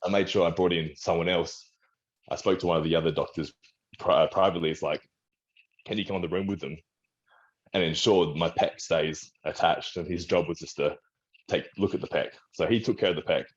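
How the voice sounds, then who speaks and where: Australian man, very deep voice, rambling casual interview talk, muffled lo-fi sound. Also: fairly even intonation, fast talker. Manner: rambling, restarts, acts out quoted doctors. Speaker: guest, strongman and personal trainer.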